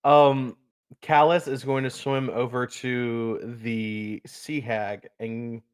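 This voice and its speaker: A man playing a tabletop game, excitable and often laughing. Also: mid-range voice, slow pace, smooth. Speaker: player.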